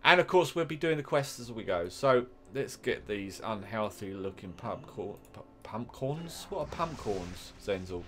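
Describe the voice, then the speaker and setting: A man's voice: fairly low pitch, very animated, unhurried, hardly any pauses. A man with an English accent giving casual, rambling commentary while playing a game, drifting into chatty asides. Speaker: gaming YouTuber.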